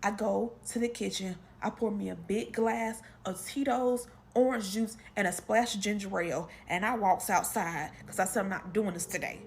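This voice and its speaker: A woman telling a casual storytime monologue to her followers, retelling a family fight in animated, slangy talk with lots of quoted dialogue. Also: mid-range voice, normal speed, vocal fry, few pauses. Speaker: storytime creator.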